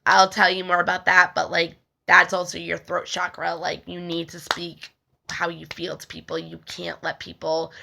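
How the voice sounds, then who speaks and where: Rambling young woman with a gravelly voice. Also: lowish voice, bright, forceful tone. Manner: rambling, frequent "like" fillers, stumbles over words and laughs. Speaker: spiritual healing video host. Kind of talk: casual talk reading aloud from a text.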